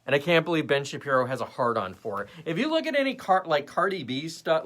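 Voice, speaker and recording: A young man hosting his own commentary show, ranting with sarcastic edge. His voice is bright and forceful, and his pitch swings widely as he rants. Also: sing-song, fast, hardly any pauses. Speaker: host. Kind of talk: casual political commentary.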